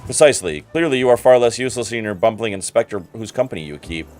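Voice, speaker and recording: A man's voice: on the low side, animated, fast, darkish tone, soft background music, lightly acted. A man reading aloud as a haughty, condescending male investigator from a game, in a formal, cool and superior manner.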